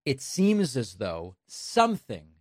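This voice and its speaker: A man's voice: medium pitch, huge pitch swings, slow pace, darkish tone, no echo. Dry-voiced man delivering political commentary. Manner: emphatic, numbered points, sarcastic.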